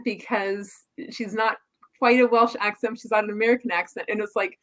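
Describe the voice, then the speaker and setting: A woman co-hosting a podcast, chatting casually and halting as she searches for words. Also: medium pitch, fairly even intonation, a bit bright. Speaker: podcast co-host. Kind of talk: casual chat.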